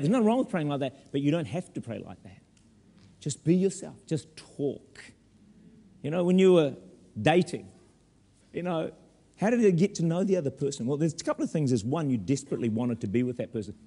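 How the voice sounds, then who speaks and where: A man preaching a sermon as pastor in a church, animated with humorous asides. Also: on the high side, breathy edge, in a large hall.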